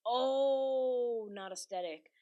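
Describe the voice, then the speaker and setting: A young woman co-hosting a podcast, telling stories in animated casual chat full of "like". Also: on the high side, very slow. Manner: animated storyteller, many likes. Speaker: podcast co-host.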